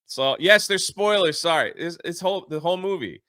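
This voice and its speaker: A man's voice: sits high, expressive, brisk, pushed and bright, dry recording, clean studio sound. A man hosting a podcast, giving a casual, rambling spoiler recap of a movie with lots of fillers. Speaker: podcast host.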